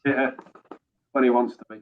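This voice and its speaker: A man's voice: medium pitch, level tone, moderate pace, narrow, tinny audio. A man in a casual group chat, easygoing and prone to repeating words.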